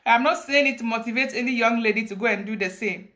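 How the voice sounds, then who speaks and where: Ghanaian woman, high bright voice, dramatic confessional talk, preachy, live-stream monologue. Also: fast talker. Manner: preachy, dramatic, laughing storytelling mixed with Twi. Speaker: livestreamer confessing.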